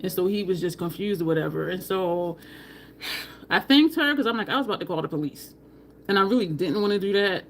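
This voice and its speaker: A woman's voice: on the low side, lively intonation, a little fast, slight background noise. A woman beauty vlogger, telling a story casually and expressively to her viewers, now and then swearing.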